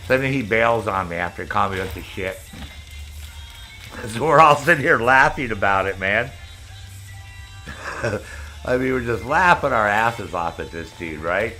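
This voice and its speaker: An older man hosts a casual live stream, rambling through a story and cursing freely as he goes. His voice sounds bright and forceful. Faint music plays underneath. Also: fairly low pitch, lively intonation, a little slow, long pauses. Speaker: streamer host.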